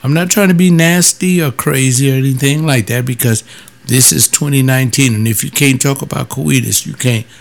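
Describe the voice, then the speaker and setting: Gravelly, blunt former pastor, a man. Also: fairly quick. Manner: emphatic, blunt, jumps high in pitch when quoting others. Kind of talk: casual storytelling monologue.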